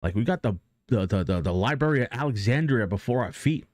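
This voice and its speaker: A man on a live stream talks casually and earnestly about motivation, rambling with many restarts and fillers and swearing now and then. His mid-range voice is darkish, lively in intonation and a little fast, captured cleanly in a studio with no echo.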